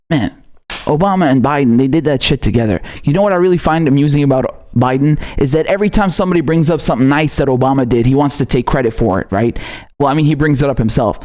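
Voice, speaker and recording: A man with a fairly high, slightly mellow voice hosts a political commentary livestream from outside the United States. He reads out viewer messages and goes on angry rants full of swearing, breaking into laughter along the way.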